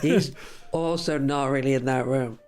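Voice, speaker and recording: A man's voice: mid-range voice, steady tone, normal speed, a little mellow, smooth. Laid-back man, faint music behind. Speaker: podcast co-host. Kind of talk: casual political chat.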